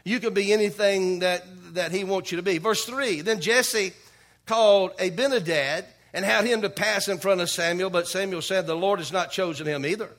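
Male preacher, high voice, bright ringing tone, emphatic sermon, repeated "okay?". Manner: punctuates with repeated "okay?", calls for amens; reads scripture slowly, emphatic preaching. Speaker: pastor.

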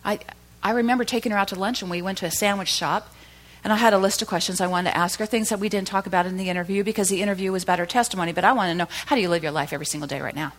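A woman's voice: mid-range voice, racing. Woman preaching a storytelling sermon. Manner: storytelling, building to loud emphatic peaks.

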